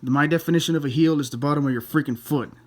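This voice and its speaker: A man's voice: on the high side, fast. A man talking casually to camera as he reviews his DVD collection, rambling, with many fillers and self-corrections, blunt and a little crude.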